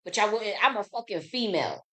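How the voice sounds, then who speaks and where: A woman's voice: medium pitch, animated, brisk, sharp tone. Profane, indignant woman. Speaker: channel host. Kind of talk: heated casual rant.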